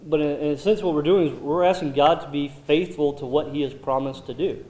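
A man's voice: on the high side, steady tone, brisk, dark tone. A man leading a Bible study group, thoughtful and full of ums and restarts. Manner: thoughtful, many um fillers and restarts. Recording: roomy echo.

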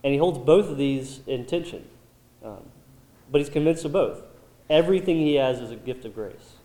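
A man's voice: mid-range voice, lively intonation, normal speed, dark tone. Man leading a Bible study discussion. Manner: thoughtful, many um fillers and restarts. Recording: roomy echo.

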